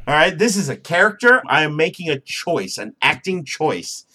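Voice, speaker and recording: A man's voice: a little high, moderate pace. A man co-hosting a podcast in casual, profane chat, joking and laughing as he talks. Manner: joking, animated, laughs often. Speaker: podcast co-host.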